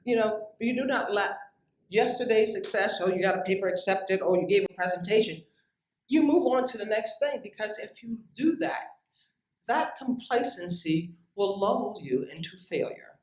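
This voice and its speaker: A woman's voice: mid-range voice, moderate pace. A woman scientist giving a direct, emphatic motivational lecture to young researchers. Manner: emphatic, direct, lively with asides. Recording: echoey room, distant mic.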